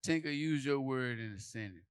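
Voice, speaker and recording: A man performing a stand-up comedy set for a live audience, telling stories loudly and playing out the quotes. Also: medium pitch, normal speed, clear, resonant tone. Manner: loud, animated storytelling with acted quotes.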